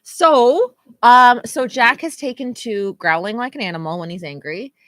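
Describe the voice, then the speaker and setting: A woman's voice: fairly high pitch, moderate pace, a bit bright, no room sound, studio quality. A tired woman in her thirties, co-hosting a podcast and chatting casually, rambling with lots of fillers. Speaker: podcast co-host. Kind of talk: casual chat.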